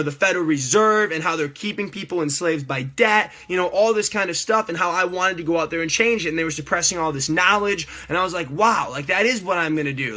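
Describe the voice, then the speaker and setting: A man telling a personal testimony on a livestream in an animated, emphatic way, repeating himself and often turning to his viewers with "all right?" and "guys". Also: fairly high pitch. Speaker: livestream storyteller.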